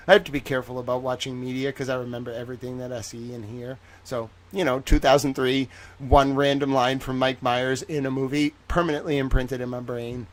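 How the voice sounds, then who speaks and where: A man hosting a livestream, talking in a casual, rambling way with joking, self-mocking asides. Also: medium pitch. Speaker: livestream host.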